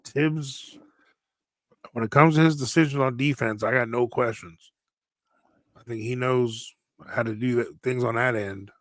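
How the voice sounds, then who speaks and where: A man co-hosting a casual basketball chat speaks in a laid-back way, mostly agreeing in short replies and adding brief opinions. His voice sits at an average pitch. The recording is dry and close. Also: fairly even intonation, a little slow, dry recording. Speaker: co-host called Coach.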